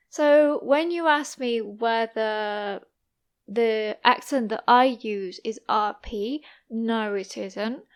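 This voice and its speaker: Speaking slowly in a slightly high voice, this young English teacher and podcast host delivers a clear, unhurried lesson. She comes from the East Midlands of England, has that region's accent, and enunciates each word deliberately.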